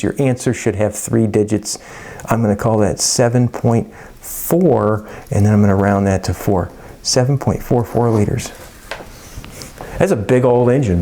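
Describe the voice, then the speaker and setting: A man's voice: fairly low pitch, creaky, darkish tone. A middle-aged man teaching a chemistry lesson in a casual, folksy, rambling way, with jokey asides. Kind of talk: casual lecture.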